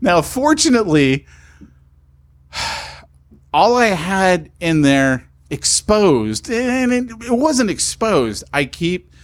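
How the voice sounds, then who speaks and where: Animated storytelling man, lively pitch. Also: takes it slowly. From California. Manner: animated, acts out both sides of the story. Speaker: podcast co-host. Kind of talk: casual storytelling chat.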